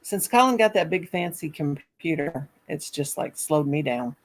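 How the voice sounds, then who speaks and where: A woman's voice: deep voice, lively intonation, moderate pace, rough recording. An older woman hosting a livestream, talking in a chatty, affectionate and scattered way. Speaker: livestream host. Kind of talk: casual chat.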